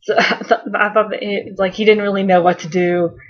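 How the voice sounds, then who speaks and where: A woman's voice: medium pitch, steady tone, a little fast, muffled recording. A woman vlogging a casual fan countdown, bubbly and rambling, with lots of fillers and little giggles.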